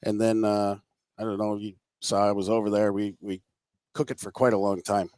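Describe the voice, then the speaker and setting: A man's voice: on the low side, flat delivery, brisk, a little mellow, no room sound. A man working as a restaurant chef, explaining dishes in a friendly, hesitant way with many fillers.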